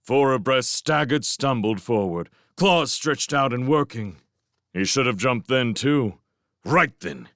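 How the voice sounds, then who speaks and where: A man giving a dramatic fan reading of a novel, swinging between tense urgency and hushed lines. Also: fairly low pitch, dry recording, clean studio sound. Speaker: audiobook reader.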